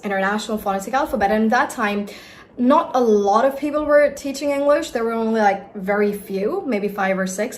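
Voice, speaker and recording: A woman's voice: medium pitch, slight background noise. A young woman from India telling a personal story in a vlog as an accent coach, emphatic and giving direct advice to viewers.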